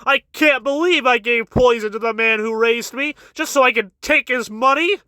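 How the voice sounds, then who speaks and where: A man's voice: high-pitched, moderate pace, pushed and bright, dry recording. A man reading a young male villain who fakes remorse with a theatrical, tearful confession.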